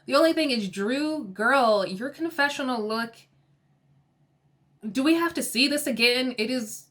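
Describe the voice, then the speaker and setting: A woman's voice: high voice, animated, unhurried, fairly bright tone. A young woman giving a casual, gossipy and opinionated recap of a reality TV episode.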